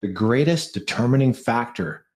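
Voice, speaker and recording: A man's voice: medium pitch, animated, normal speed. A man co-hosting a podcast, speaking in a playful, motivational way with lots of alliteration. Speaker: podcast co-host, mortgage coach. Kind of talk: podcast conversation.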